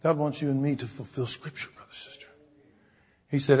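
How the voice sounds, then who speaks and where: This sermon comes from a man whose husky, darkish mid-range voice moves a little fast with fairly even intonation. Storytelling with acted-out quoted voices leads into preaching of rising fervor. Audio quality is dull and lo-fi, and a long reverb fills the hall.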